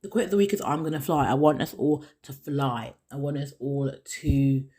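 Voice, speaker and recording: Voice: mid-range voice, fairly even intonation, moderate pace, mellow. Earnest, encouraging solo podcast host. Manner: earnest and encouraging, repeats key phrases.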